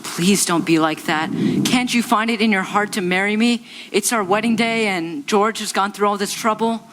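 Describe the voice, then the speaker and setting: Fields: figure: an actor playing an earnest, lovesick groom. Pitch: middle. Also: moderate pace, a bit bright, a little hiss or hum, lightly acted. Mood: pleading. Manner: pleading, earnest. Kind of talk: stage musical acting.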